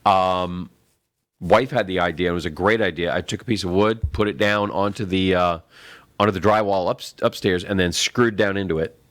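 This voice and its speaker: A man's voice: low-pitched, normal speed, fairly bright tone, no room sound. A man co-hosting a tech talk show, rambling through a home repair story step by step at a desk microphone. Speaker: co-host. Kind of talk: casual chat.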